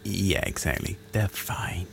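A man's voice: sits low, slow, creaky, slightly rough. A middle-aged man co-hosting a podcast, talking casually in a hesitant, dry, easygoing way. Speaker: podcast co-host. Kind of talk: casual chat.

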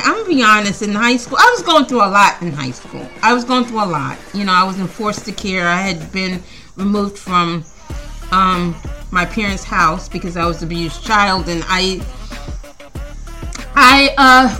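Woman, podcast host, casual chat, stammering, giggly, animated pitch. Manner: rambling, stammering, laughs often.

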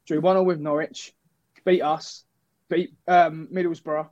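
A man with a fairly high voice heard through a dull, lo-fi recording. He lists recent results in a brisk way on a football podcast panel. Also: level tone, a little mellow. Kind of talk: casual chat. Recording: dull lo-fi sound.

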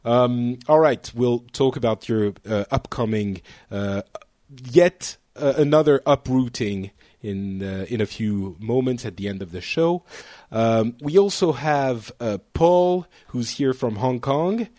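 A man hosts a casual talk show in a rambling, joking way, stopping to correct himself as he goes. His voice sits at an ordinary middle pitch, and the sound is dry and close with no room echo. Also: expressive, unhurried, warm tone. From France. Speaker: podcast host. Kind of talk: casual chat.

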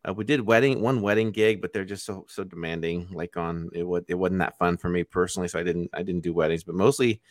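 Deep-voiced laid-back storytelling man. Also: fairly even intonation, fast, hardly any pauses, no room sound, clean studio sound. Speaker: podcast co-host. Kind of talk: casual chat.

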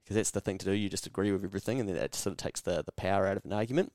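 Kiwi guy ranting on his podcast, sweary and sarcastic, lowish voice, dry sound. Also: rapid-fire, few pauses, a little mellow, no room sound. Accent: New Zealand. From New Zealand. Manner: blunt, sweary, sarcastic, acts out mock dialogues. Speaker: podcast host. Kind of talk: casual solo podcast monologue.

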